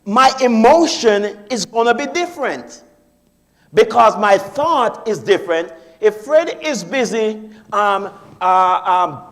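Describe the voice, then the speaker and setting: A man giving a sermon in a church, teaching step by step and acting out his own inner thoughts, often repeating key phrases. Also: high voice. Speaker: guest speaker. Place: church sanctuary.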